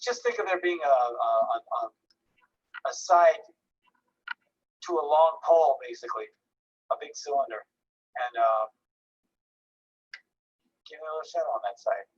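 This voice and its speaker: Encouraging painting teacher on a video call. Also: male voice, fairly high pitch, breathy edge, highs cut off. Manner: relaxed, encouraging, thinks aloud with restarts. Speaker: painting instructor. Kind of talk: live online art class critique.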